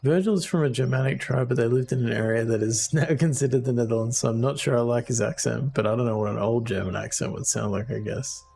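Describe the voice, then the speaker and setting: A man's voice: medium pitch, fast, vocal fry, hardly any pauses, dark tone, a little hiss or hum. A man giving casual, offhand commentary while playing a video game. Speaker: gameplay streamer. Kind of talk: casual let's-play commentary.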